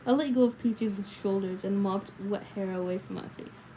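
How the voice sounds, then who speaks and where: A woman's voice: mid-range voice, normal speed, mellow, a little hiss or hum, low-quality recording. A woman with a slightly sore voice reading a novel aloud on a livestream, breaking off for casual, emotional asides about the story. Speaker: livestream book reader.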